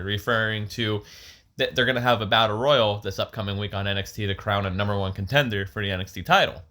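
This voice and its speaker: A man co-hosting a podcast in a casual chat, eagerly telling stories. His voice is bright and forceful, and he laughs often between his points. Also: fairly low pitch, fairly even intonation, brisk. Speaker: podcast co-host.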